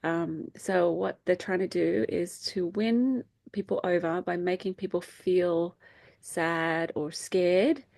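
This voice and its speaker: A woman's voice: fairly even intonation, slow pace, gravelly, a little mellow, no echo. A middle-aged woman hosting a faith group over a video call, talking casually with many fillers and acting out quotes. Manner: chatty, many fillers, acts out quotes in a high voice.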